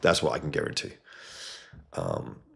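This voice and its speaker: A man's voice: moderate pace, fairly bright tone. A man hosting a casual livestream, reading viewer comments aloud and answering them in a blunt, rambling, sometimes profane way from a home setup. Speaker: livestream host.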